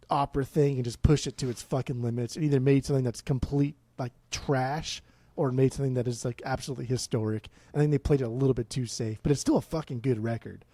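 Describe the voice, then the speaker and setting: A man's voice: mid-range voice, warm tone, dry recording. A man co-hosting a casual music podcast, blunt and swearing, with many restarts. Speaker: podcast co-host.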